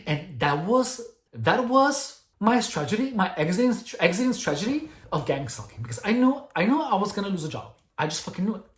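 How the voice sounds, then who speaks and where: Rambling, foul-mouthed vlogger; lively pitch, echoey room. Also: fairly quick. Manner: profane, animated, acts out quoted dialogue with many restarts. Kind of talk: rambling personal storytelling.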